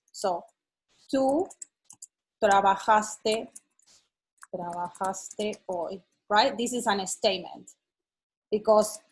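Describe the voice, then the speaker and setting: A woman teaches a lesson online. Her voice is slightly husky and sits at a middle pitch. She explains patiently and keeps checking that her student follows. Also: rough recording. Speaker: Spanish teacher.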